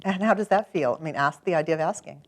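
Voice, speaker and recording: A woman with a low voice talks fast as she guides a client through a tapping session. As a tapping practitioner, she is calm and gently directive, offering encouragement with each step.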